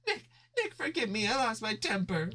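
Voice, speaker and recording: Guy putting on a high pleading girl bunny cop, strained and emotional, comic dub. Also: very animated, normal speed, pushed and bright, full character voice.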